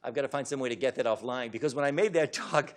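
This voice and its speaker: A man giving a public talk to an audience as an author, lecturing in an emphatic, animated way. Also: mid-range voice, fast talker.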